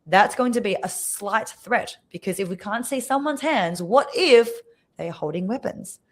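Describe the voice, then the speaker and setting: A woman speaking coach, a podcast guest on a video call, explaining clearly and showing examples with her voice. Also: mid-range voice, a little slow. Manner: expressive, demonstrates voices while teaching.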